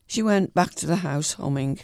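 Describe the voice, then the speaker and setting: A man reading a short story aloud in a calm, even way, with the odd small slip. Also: fairly high pitch, normal speed, gravelly, no room sound.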